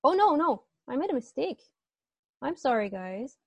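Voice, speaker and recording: A woman's voice: high-pitched, very animated, normal speed, gravelly, darkish tone, husky, dry recording. A woman teaching Arabic grammar to students online, explaining patiently step by step and asking them questions, speaking through earbuds on a video call.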